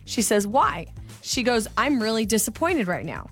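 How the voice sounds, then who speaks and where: A woman co-hosting a radio show, reading out survey numbers and retelling a text exchange briskly. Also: a little high, very animated, fairly bright tone, soft background music. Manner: brisk storyteller, quotes texts aloud. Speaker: radio co-host.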